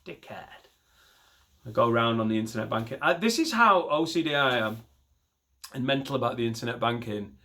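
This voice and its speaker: A man's voice: medium pitch, animated, fast talker, sharp tone. A man doing a rambling, self-deprecating and sweary stand-up set from his home garage into a laptop mic. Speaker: stand-up comedian.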